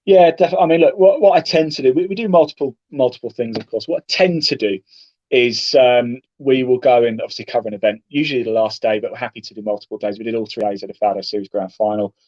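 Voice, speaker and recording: A man's voice: mid-range voice, fast talker, no echo, lo-fi sound. A man, a golf broadcaster, chatting as an interview guest and acting out what he would say to players. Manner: chatty, animated storytelling with acted-out quotes. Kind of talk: casual interview talk.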